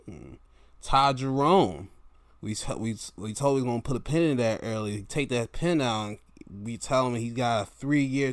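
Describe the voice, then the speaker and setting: Loose, cursing male sports talker. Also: medium pitch. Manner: loose, profane, joking commentary. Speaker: sports podcast host. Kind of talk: casual sports talk, going down a list of free-agency moves.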